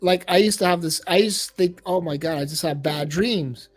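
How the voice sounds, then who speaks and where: A man's voice: sits high, normal speed, soft background music. Earnest man, sound effects in stories. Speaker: podcast co-host. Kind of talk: casual chat.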